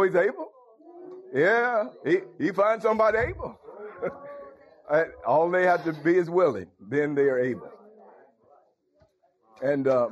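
A man preaching a folksy sermon, calling out to his congregation. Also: fairly high pitch. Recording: dull lo-fi recording.

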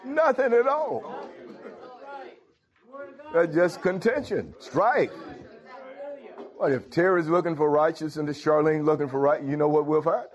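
A man preaching a sermon in an emphatic manner, rising often into high, ringing exclamations of praise. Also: normal speed, some chatter behind. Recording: dull lo-fi sound.

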